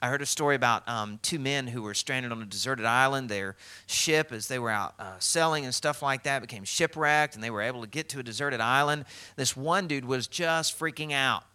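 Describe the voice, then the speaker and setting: A middle-aged man preaching a sermon as pastor, telling stories and acting out quotes with lively swings in voice. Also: mid-range voice, a little fast, hardly any pauses, clean tone. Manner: storytelling with animated acted-out quotes.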